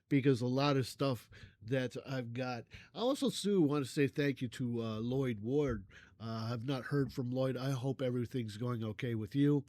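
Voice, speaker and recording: In studio-quality audio with no room sound, an older music reaction host speaks in a mid-range voice, chatting loosely with his audience. He rambles, hesitates, and uses many fillers, frequently coughing or clearing his throat while pouring out warm, effusive thanks to viewers.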